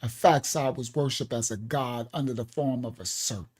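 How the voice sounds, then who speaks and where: A man's voice: mid-range voice, normal speed, darkish tone, husky. A man leading an online Bible lesson as pastor, talking in a loose, repetitive way with laughing asides.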